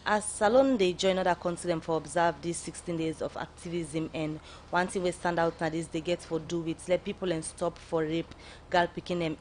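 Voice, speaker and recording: Low-voiced Sierra Leonean Krio radio host. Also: female voice, darkish tone, a little hiss or hum. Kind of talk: radio interview questions. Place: radio studio.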